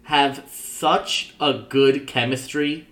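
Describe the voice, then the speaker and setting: A man's voice: medium pitch, fairly even intonation, drawn-out words, a bit bright, echoey room. Laughing, chatty podcast co-host man. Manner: chatty, laughs often, hesitant "uh" restarts. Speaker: podcast co-host reviewing sketch comedy. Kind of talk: casual chat.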